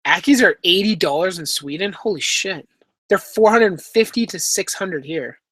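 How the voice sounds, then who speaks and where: A man's voice: high voice, animated, normal speed, a bit bright, slightly rough, no room sound. A man from Canada hosting a casual live stream Q&A from home, reading chat aloud through his laptop microphone and joking around. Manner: laid-back, reads chat aloud, jokes and swears. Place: home room with pet enclosures.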